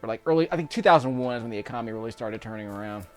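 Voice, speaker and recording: A man's voice: mid-range voice, very fast, soft background music. Chuckling man rambling over gameplay. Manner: rambling, chuckles often between remarks. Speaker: YouTube gameplay commentator. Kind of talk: casual let's-play commentary.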